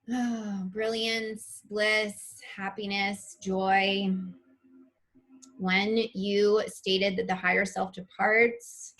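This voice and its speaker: A woman's voice: medium pitch, a bit bright. A woman presenting a live online spiritual masterclass, reading chat comments aloud and gushing over them with open emotion.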